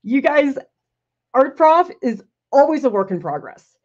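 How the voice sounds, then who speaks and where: Her voice sits high, sing-song and a little mellow, as this art professor takes her time painting on a live stream. She laughs a lot, fields viewer questions, and critiques her own work in a casual thinking-aloud way, all captured in slightly dull lo-fi sound.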